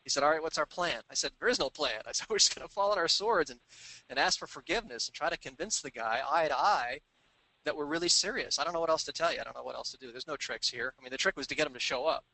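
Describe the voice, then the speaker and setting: Male sales trainer, bright forceful tone, dry close recording, animated storyteller. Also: a little high, quick pace, vocal fry, no echo, low-quality recording. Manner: animated anecdotes, acting out quoted voices. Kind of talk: storytelling business talk.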